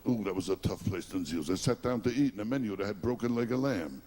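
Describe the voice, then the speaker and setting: A man's voice: on the low side, expressive, fast, heavy background noise. A man doing a stand-up comedy routine, firing off brash one-liners and chuckling at his own jokes.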